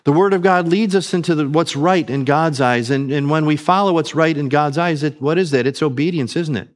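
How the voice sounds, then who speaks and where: A man's voice: fairly high pitch, brisk. A man preaching a sermon, earnest, calling his listeners family and asking them questions.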